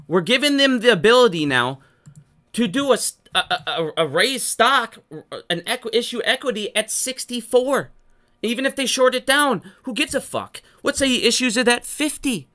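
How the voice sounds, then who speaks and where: Frustrated market commentator, bright edge, swearing, unscripted rant. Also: medium pitch, very animated. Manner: heated, profane, fast-talking rant. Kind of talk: unscripted solo rant to viewers.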